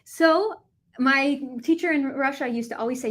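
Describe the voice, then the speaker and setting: A young American woman with a lively, animated delivery, teaching a Russian vocabulary lesson and switching between English and Russian. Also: sits high, normal speed. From United States.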